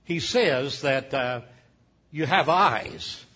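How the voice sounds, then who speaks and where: Husky-voiced preacher. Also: male voice, mid-range voice, expressive, extremely slow, pushed and bright. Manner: folksy, humorous, many uh fillers. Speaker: pastor. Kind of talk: sermon with folksy storytelling. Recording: dull lo-fi sound.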